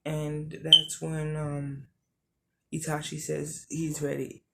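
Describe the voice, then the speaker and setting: A narrator improvising a fan-made story, talking in a halting way with many ums and correcting details as they go. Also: medium pitch, completely flat delivery, creaky, heavy background noise.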